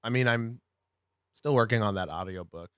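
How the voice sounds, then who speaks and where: A young adult man, a podcast producer, talking about his life in a relaxed, rambling way as a guest. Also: on the low side, normal speed, smooth, dry recording. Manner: relaxed, rambling, repeats himself. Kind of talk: casual interview chat.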